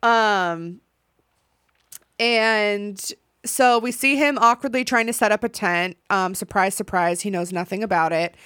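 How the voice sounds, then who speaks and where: A young woman hosting a podcast, recapping a reality show in a casual, animated way, swearing and acting out what people said. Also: medium pitch, unhurried, clear, resonant tone, dry recording, studio quality. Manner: animated, swearing, acts out quotes. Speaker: podcast host.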